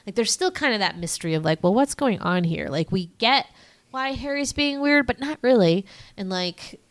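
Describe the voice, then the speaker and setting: A young woman co-hosting a podcast recaps a film in loose, rambling chatter thick with fillers, acting out quotes along the way. Her mid-range voice is animated and moderately paced.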